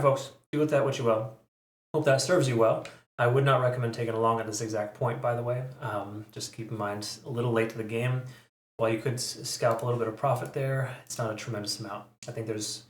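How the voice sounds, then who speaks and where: A man's voice: mid-range voice, roomy sound. Chatty man analyzing crypto charts. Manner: chatty, self-correcting, frequent fillers. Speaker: crypto analysis channel host. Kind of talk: casual chart analysis commentary.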